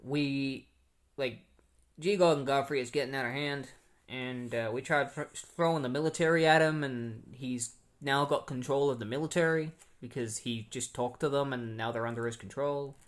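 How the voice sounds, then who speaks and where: A man's voice: mid-range voice, moderate pace, natural voice. A man paraphrasing a worried male president in his own everyday voice, rambling with fillers.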